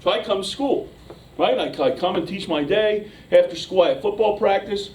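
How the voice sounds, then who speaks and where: A man giving a motivational speech, telling a story with animated energy that builds to shouting at its peaks. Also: high-pitched, normal speed. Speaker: motivational speaker. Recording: echoey room from a distance.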